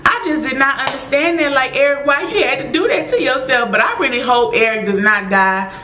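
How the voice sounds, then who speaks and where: A woman recapping a TV episode in casual chat, animated and exclaiming as she acts out her own reactions. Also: high-pitched, a little fast, echoey room, slight background noise, rough recording.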